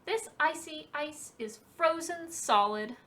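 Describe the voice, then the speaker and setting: A woman's voice: high-pitched, lively intonation, takes it slowly, a bit bright, voice pushed up, full character voice. A woman voicing a small, bossy female woodland animal who exclaims and scolds, in a children's storybook reading. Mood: grumpy.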